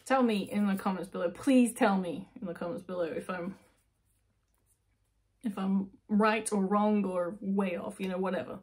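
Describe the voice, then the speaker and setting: A woman's voice: medium pitch, fairly even intonation, moderate pace, a little mellow. A woman giving a tarot reading to viewers, thinking aloud with restarts and asides and getting emotional as she goes. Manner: emotional, intuitive, self-interrupting. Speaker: tarot reader.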